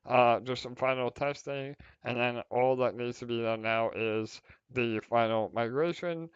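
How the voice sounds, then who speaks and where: A man's voice: medium pitch, smooth, no room sound, dull audio. A man hosting a livestream community update for a crypto project, upbeat and full of fillers and restarts.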